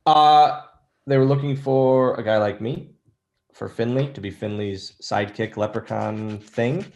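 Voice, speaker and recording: A man in his thirties, appearing as an interview guest, tells rambling, self-deprecating stories full of restarts. His mid-range voice is a little mellow and a little slow. It's a casual storytelling interview.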